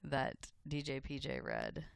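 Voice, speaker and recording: A man's voice: medium pitch, wildly swooping pitch, unhurried, vocal fry, a bit bright, clean tone, no room sound, clean studio sound. A man co-hosting a music radio show, teasing his co-host in casual on-air banter.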